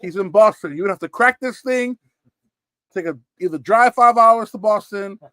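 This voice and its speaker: A man hosting a live comic auction stream, telling stories in an animated way and swearing freely. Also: high voice, normal speed, dry recording, rough recording. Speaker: comic shop stream host. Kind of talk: casual live auction chat.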